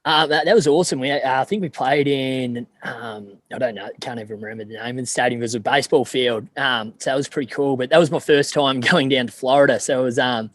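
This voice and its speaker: A man's voice: mid-range voice, fast talker, few pauses, no room sound. A man in his twenties with an Australian accent, a former college punter chatting easily as an interview guest and calling the host "mate". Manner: easygoing, ends sentences with "mate". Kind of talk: casual interview.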